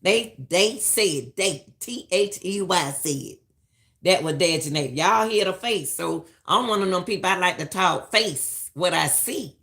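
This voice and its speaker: A woman's voice: lowish voice, unhurried, fairly bright tone. A middle-aged woman giving emphatic, preachy live-stream commentary and repeating lines for stress.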